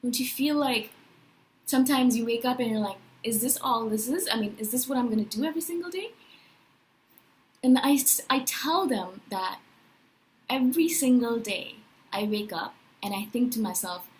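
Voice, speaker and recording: Expressive woman in her thirties. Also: fairly high pitch, normal speed, poor audio. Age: 30s. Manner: animated, emphatic, frequent "right?". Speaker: vlogger. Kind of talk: personal spiritual vlog.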